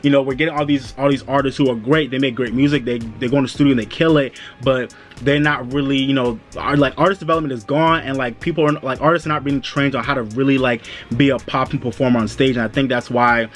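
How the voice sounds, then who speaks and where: A man giving a casual, chatty review of an awards show, loose and quick, slipping into high-pitched voices to act out reactions. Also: fairly even intonation, soft background music.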